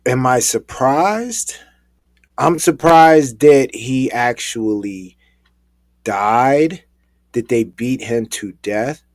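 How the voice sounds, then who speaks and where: A man co-hosting a talk show, speaking in a measured, emphatic way. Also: medium pitch, lively intonation, no room sound. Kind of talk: casual commentary chat.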